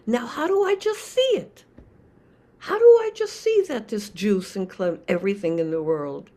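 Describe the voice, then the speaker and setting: An older woman, a Zen teacher, giving a reflective dharma talk with many pauses and restarts. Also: medium pitch, expressive, dark tone.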